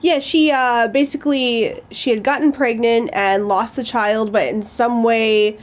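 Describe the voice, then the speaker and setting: Chatty woman with a higher voice. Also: fairly even intonation. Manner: quick, lots of "like" fillers. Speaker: podcast co-host. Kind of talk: casual chat reviewing movies.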